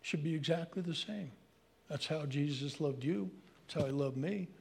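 Raspy older New York pastor. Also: male voice, a little high, moderate pace. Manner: animated, ranting and joking. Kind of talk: sermon.

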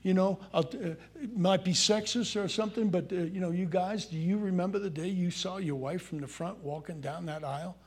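A man's voice: high-pitched, fairly even intonation, moderate pace, few pauses. A man preaching a sermon, folksy and conversational, reading scripture and asking his congregation questions. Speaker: pastor.

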